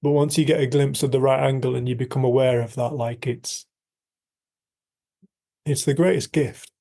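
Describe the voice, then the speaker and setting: A middle-aged coach, a guest on a podcast, talks candidly in an interview, telling stories in an earnest, frank way, repeating himself and swearing now and then. His voice is medium-pitched and warm, with vocal fry, fairly even intonation, and a moderate pace.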